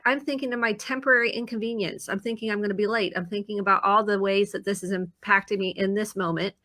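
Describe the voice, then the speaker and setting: A woman therapist on a live talk show, explaining calmly and earnestly and acting out her own self-talk to make a point. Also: medium pitch, no room sound. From Indiana, US. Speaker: therapist guest.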